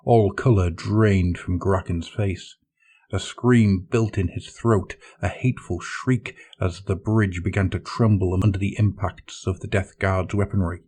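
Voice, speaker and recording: A man narrating dramatic science fiction in a measured storytelling manner. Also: deep voice, fairly even intonation, darkish tone, breathy edge.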